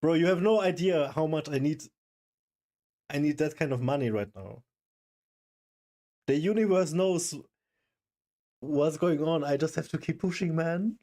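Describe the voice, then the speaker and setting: Young male streamer, fairly high voice, stunned and gushing, casual slang. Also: unhurried, long pauses. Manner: excited, stunned, swearing, calls everyone bro. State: overwhelmed, shaking. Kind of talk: live stream reaction chat.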